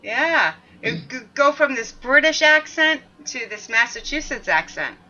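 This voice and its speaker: A woman's voice: high-pitched, very animated, a little slow, pushed and bright. A woman guest-hosting a podcast, chatting in an upbeat way. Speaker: podcast guest host, network co-owner. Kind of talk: casual podcast chat. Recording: dull lo-fi remote audio.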